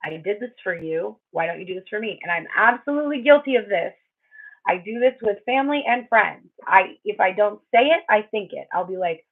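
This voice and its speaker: A woman talks through a tarot reading in a candid, chatty way and swears freely. Her voice is a little husky. The sound is thin and tinny, like a phone line. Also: medium pitch, expressive, fairly quick. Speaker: tarot reader. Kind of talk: casual spiritual reading.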